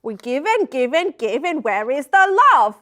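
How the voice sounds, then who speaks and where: An eccentric, pious noblewoman envoy, put on by a woman. She makes slow, solemn declarations in a high voice that climbs and dips a lot. It is comic tabletop role-play. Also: very animated, pushed and bright, full character voice. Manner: solemn, drawn-out pronouncements. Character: odd pious female noble envoy with a spirit bowl.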